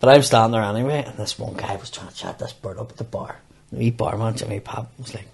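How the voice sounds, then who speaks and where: A man's voice: fairly low pitch, fast, gravelly, breathy edge. A man telling sweary stories in a casual podcast chat, laughing through them. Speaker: podcast host. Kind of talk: casual pub-style storytelling.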